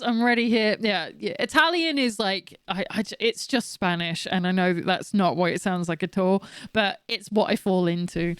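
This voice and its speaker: A woman's voice: mid-range voice, normal speed, fairly bright tone, clean tone, dry recording, clean studio sound. Frank, sweary woman streamer. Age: late 30s. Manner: frank and sweary, ranting with laughs. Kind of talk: casual game stream chat.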